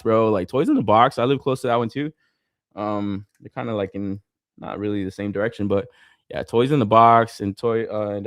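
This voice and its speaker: Young man, casual podcast chat, swears and laughs a lot, pitch jumps around, dry close sound. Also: dry recording. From Southern California. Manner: profane, laughing, animated storytelling. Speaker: podcast co-host.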